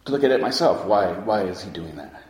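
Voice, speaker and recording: Low-voiced man giving a reflective dharma talk. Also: animated. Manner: reflective, unhurried, pausing often with soft fillers. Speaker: meditation teacher. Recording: roomy hall with long reverb.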